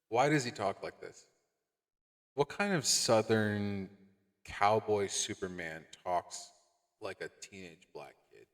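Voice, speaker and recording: A man hosting a commentary show, ranting sarcastically and swearing as he tears into a comic. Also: lowish voice. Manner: sarcastic, exasperated, swears a lot. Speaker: commentary host. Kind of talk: profane review rant. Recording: long reverb.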